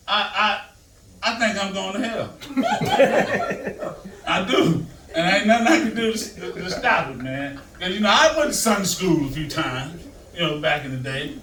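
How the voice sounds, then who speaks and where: A man's voice: high voice, bright, forceful tone. An older man doing a stand-up comedy set on stage, telling loose, rambling stories to a live audience. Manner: loose, storytelling, Southern-flavored delivery. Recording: echoey room, mic heard from a distance.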